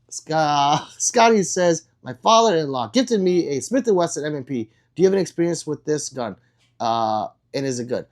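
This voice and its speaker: A man hosting a casual livestream and answering viewer comments in a blunt, profane and excitable way, with sudden loud outbursts. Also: a little high, normal speed. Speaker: livestream host.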